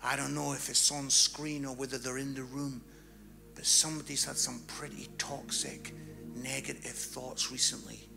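A man preaching a sermon, telling a story and swinging from hushed tones to loud, fervent passages. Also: mid-range voice, little pitch movement, moderate pace, gravelly, music in the background.

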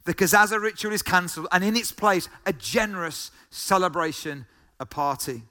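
A man's voice: sits high, moderate pace, pushed and bright. A man preaching a sermon, emphatic, repeating key phrases and asking the listeners questions. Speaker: pastor.

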